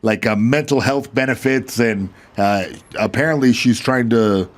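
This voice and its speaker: A man reading news stories on a podcast, relaxed and agreeable. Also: medium pitch. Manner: easygoing, agreeable, quick to laugh.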